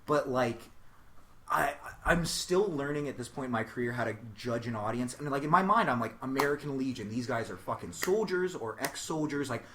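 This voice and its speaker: A man's voice: mid-range voice, lively intonation, brisk, noisy background. A young man, a stand-up comedian, telling stories on a podcast, acting out voices and swearing freely. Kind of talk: casual chat, comic storytelling.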